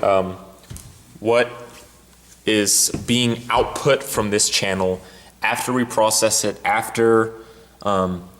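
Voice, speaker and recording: A man walking through a sound mixing desk step by step, in a halting way with many fillers and restarts. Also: on the low side, fairly bright tone, in a large hall. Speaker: sound technician. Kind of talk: instructional walkthrough. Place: church sound booth.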